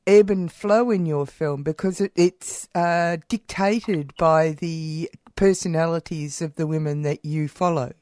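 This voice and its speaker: A radio host interviewing a guest, halting and searching for words. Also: mid-range voice, steady tone, darkish tone, no echo, studio quality. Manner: halting, lots of "uh" fillers while searching for words.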